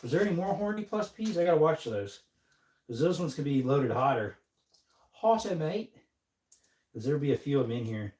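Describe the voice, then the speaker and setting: Young male streamer, congested and sniffling, relaxed casual chat in an ordinary mid-range voice. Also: mid-range voice, fast. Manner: easygoing, reads chat aloud and answers. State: stuffed-up nose, sniffling. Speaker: livestream host. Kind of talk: casual livestream chat while working.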